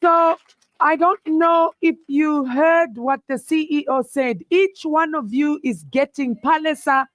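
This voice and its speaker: High, playful woman hosting a live event. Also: unhurried, no echo. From South Africa. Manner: playful, teasing and rallying the crowd. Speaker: event host. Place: event venue.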